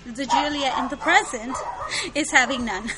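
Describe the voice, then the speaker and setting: A woman's voice: sits high, lively intonation, slow pace, over music. A woman co-hosting a fan podcast in casual chat, chatty and giggling often. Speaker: podcast co-host.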